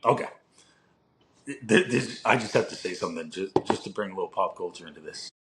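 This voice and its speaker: A man co-hosting a podcast, chatting casually in a rambling way, full of fillers, with animated outbursts. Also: deep voice, a little fast, a little hiss or hum. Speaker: podcast co-host. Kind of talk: casual conversation.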